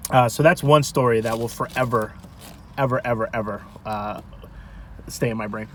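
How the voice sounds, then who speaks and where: A man food vlogger telling a rambling, animated story to camera from a parked car. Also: medium pitch, moderate pace, a little hiss or hum. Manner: rambling, animated, self-interrupting.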